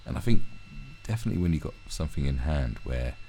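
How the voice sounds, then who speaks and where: A man's voice: rumbling low, very animated, quick pace, gravelly, mellow, a little hiss or hum. A man ranting through a commentary video, swearing heavily and often restarting his sentences. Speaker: commentary vlogger.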